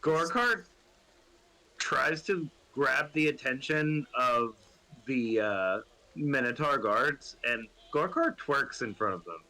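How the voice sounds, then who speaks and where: A man playing a tabletop game, describing his character's actions in a deliberate, hesitant way. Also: mid-range voice, expressive, sharp tone, rough recording. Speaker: player. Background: ambient fantasy music.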